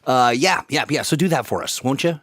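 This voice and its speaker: A man's voice: mid-range voice, lively intonation, brisk, a bit bright, no room sound, clean studio sound. A man co-hosting a casual podcast, goofy and rambling, joking along with his co-host over a remote call. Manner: goofy, laughs often, loose rambling talk.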